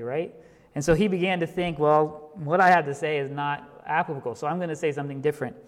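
A man's voice: on the high side, big-room sound. A male pastor preaching a sermon, telling a story and building to impassioned emphasis before leading a prayer.

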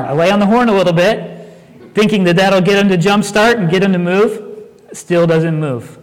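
A man preaching a sermon, talking conversationally and telling stories with animated asides. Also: high voice, normal speed, in a large hall. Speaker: pastor.

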